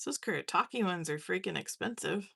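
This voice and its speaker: A woman's voice: on the low side, animated, moderate pace, creaky, fairly bright tone, husky. A young woman chatting casually while painting on a live stream, laughing often and poking fun at herself. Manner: chatty, laughing, self-mocking. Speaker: watercolor artist streaming live.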